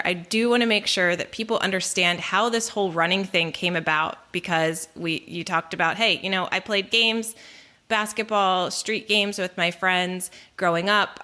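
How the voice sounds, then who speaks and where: Woman, podcast host, bright voice, thoughtful long questions. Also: on the low side. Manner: thoughtful, frames questions at length. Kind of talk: interview questions.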